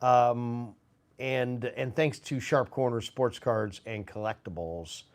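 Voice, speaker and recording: A man's voice: mid-range voice, takes it slowly. Rambling man hosting a sports stream. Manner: rambling, full of fillers and restarts. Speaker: sports show host. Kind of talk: casual live-stream chat. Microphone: phone.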